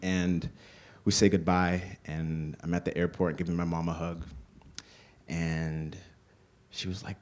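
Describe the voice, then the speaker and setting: Deep-voiced man telling a story live. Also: flat delivery, measured pace. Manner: conversational, full of "like" fillers.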